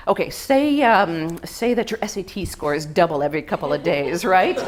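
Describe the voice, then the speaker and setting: Animated woman in a comic monologue. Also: medium pitch, takes it slowly. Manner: animated, self-mocking, frequent laughs. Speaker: solo comedy performer. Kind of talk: comedic stage monologue.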